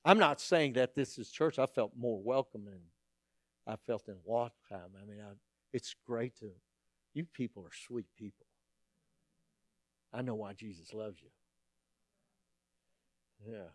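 A middle-aged man, preaching a sermon as a pastor and telling stories in an animated, humorous way. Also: mid-range voice, measured pace, long pauses, no room sound, clean studio sound.

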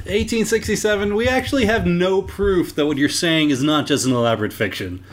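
A man reading the part of a skeptical interviewer, with dry, deadpan questioning. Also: sits high, fairly quick, slight background noise, voice pushed up, close to an everyday voice.

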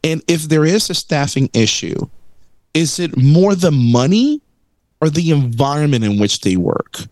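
Animated man telling a story. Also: fairly high pitch, unhurried, dry recording. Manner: animated storyteller, acts out quotes. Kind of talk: casual chat.

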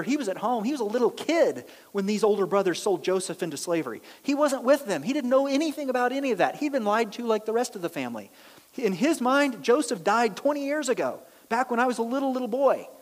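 A pastor preaching a sermon, telling the story with energy and acting out the voices of the people in it. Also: medium pitch. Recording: long reverb of a large hall.

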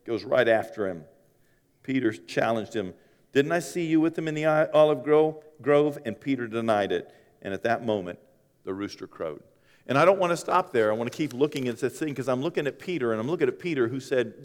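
A man delivering a sermon in a big hall, his words trailing off into a long reverb. His voice sits a little high for a man, and he swings between booming lines and near whispers, acting out the people in his story. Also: expressive, fairly quick. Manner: preaching with dramatic swings from loud to hushed, acting out quotes. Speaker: pastor.

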